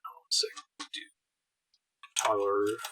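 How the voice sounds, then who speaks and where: A man's voice: lowish voice, wildly swooping pitch, slow, bright, forceful tone, a little hiss or hum. A man doing gameplay commentary, reading the game text aloud with wry, amused asides. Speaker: let's play streamer.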